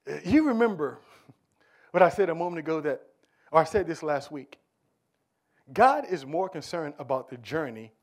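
A man preaching a sermon, swinging from hushed near-whispers to near-shouts, full of repetition and rhetorical questions. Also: a little high.

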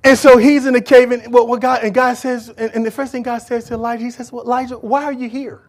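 A male preacher with a high voice tells a Bible story in a lively, conversational sermon. He swings between raised, urgent lines and hushed asides. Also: quick pace. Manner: animated storytelling, acting out biblical figures.

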